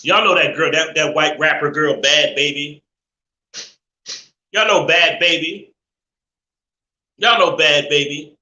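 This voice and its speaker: A man's voice: on the high side, slow pace, pauses often, bright, forceful tone, highs cut off. A man hosting a live show, giving a preachy, repetitive rant and swearing freely. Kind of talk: ranting live-stream monologue. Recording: roomy echo.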